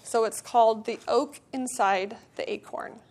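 A woman's voice: fairly high pitch, fairly even intonation, unhurried, a little mellow. A woman speaking earnestly to a church community in a conversational devotional talk, then reading a storybook aloud. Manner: earnest, conversational, with filler words.

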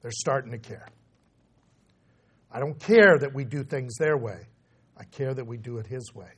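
A middle-aged man preaching a sermon, swinging between loud emphatic declarations and low, quiet stresses. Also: moderate pace, husky.

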